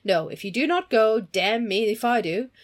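A woman reading aloud voices a brash, boastful young man who talks in excited, high-pitched bursts. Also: normal speed.

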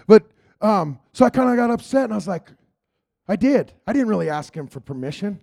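Gravelly man giving church testimony. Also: sits high, expressive, a little fast, darkish tone. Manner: earnest, rambling, with repeated "Lord God" in prayer. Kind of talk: church testimony and spoken prayer.

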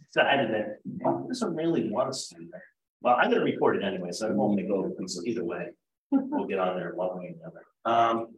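A man's voice: lowish voice, slight background noise. A man hosting a casual livestream interview, rambling and teasing his guest. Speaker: host. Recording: roomy, distant mic.

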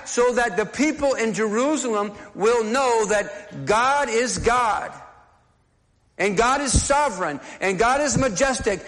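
A man's voice: high voice, a bit bright, big-room sound. A man preaching a sermon as pastor, talking conversationally and often restarting and repeating words.

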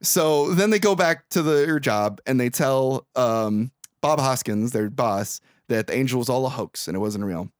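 A man's voice: medium pitch, lively intonation, normal speed, hardly any pauses, dry recording, studio quality. A man co-hosting a podcast, casually recapping a movie plot in a rambling, profane way and acting out the characters' lines. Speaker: podcast co-host.

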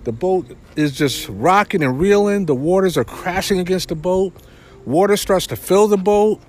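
A man's voice: high-pitched, normal speed, darkish tone. A man preaching a sermon in a conversational way, retelling a Bible story with frequent fillers.

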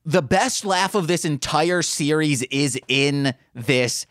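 A man co-hosting a podcast in casual chat, quick and joking, swearing and mimicking lines in funny voices. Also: a little high, fairly bright tone, dry recording, clean studio sound. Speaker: podcast co-host.

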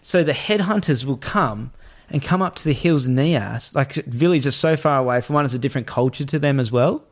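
A man telling a travel story in casual chat, animated, acting out the voices of the people in it and swearing freely. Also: mid-range voice, fairly quick.

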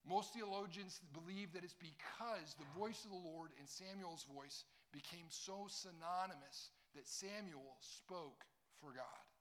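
Young male pastor with a bright, fairly high voice, preaching and joking with the room. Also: a little slow, hardly any pauses. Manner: jokey, talks straight to a young crowd. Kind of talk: sermon.

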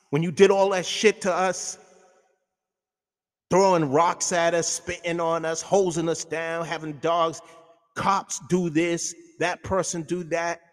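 A man's voice: fairly high pitch, long reverb tail. A man, hosting a talk show and delivering a heated, profane monologue. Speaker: radio show host.

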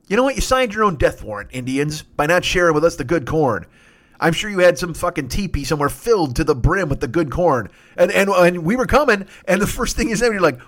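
Profane, lively man riffing comedy. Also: high-pitched, quick pace. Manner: profane, riffing, slips into silly character voices. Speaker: comedy podcast host. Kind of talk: improvised comedic rant.

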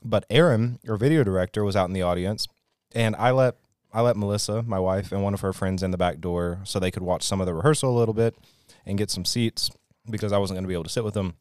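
A man's voice: on the low side, fast, a little mellow, smooth, dry recording, studio quality. A man co-hosting a podcast, telling a funny anecdote in casual chat and laughing often. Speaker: podcast co-host. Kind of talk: casual storytelling.

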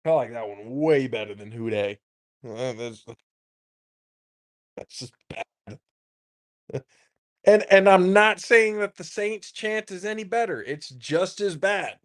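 A man's voice: fairly high pitch, lively intonation, takes it slowly, pauses often. A man co-hosting a podcast, chatting casually about football in an emphatic, profane way and laughing often. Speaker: podcast co-host. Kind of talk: casual sports chat.

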